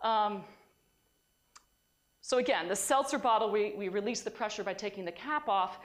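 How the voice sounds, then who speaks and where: A woman's voice: mid-range voice, moderate pace. A woman giving a university science lecture in a conversational way, often restarting her sentences. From United States.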